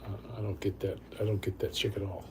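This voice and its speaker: A man's voice: fairly low pitch, flat delivery, a little fast, slight background noise. An older man hosting a casual livestream from home, talking bluntly and rambling, often repeating himself. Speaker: livestream host.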